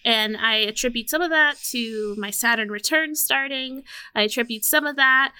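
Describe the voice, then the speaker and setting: A woman in her late twenties co-hosts a podcast in casual chat. Her voice is bright and crisp, a little high, and recorded dry. She rambles and restarts her thoughts as she talks. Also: normal speed. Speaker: podcast co-host.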